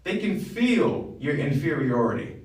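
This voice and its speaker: A man's voice: a little high, very animated, unhurried, darkish tone, far from the mic. Blunt, preachy male wellness coach, recorded off-mic in an echoey room. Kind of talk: motivational monologue. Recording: roomy, from off the mic.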